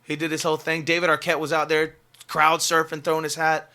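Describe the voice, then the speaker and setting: A young male musician chats as a podcast guest, racing through his story with a bright, forward tone. His talk rambles and tumbles over itself, stacked with filler words, and sits somewhat high for a man. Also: completely flat delivery, a little fast, clear, resonant tone. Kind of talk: casual storytelling in a podcast interview.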